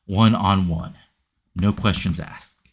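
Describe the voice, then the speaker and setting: Man reading a male champion wrestler, firm and defiant, low voice. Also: slow, gravelly, breathy edge, heavily acted. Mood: challenging. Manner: firm, challenging.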